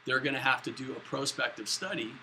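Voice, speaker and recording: A man's voice: medium pitch, fairly quick, pushed and bright, slight background noise, rough recording. A man lecturing a statistics class at a whiteboard, in a casual, chatty way with jokey asides. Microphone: camera in the room, moving away to the board.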